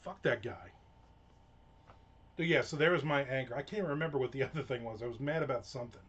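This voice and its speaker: A man's voice: medium pitch, quick pace, a bit bright, slightly rough, highs cut off. A man on a live stream, telling an aggravated, profane story in a casual rant. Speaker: livestream host. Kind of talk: casual ranting monologue.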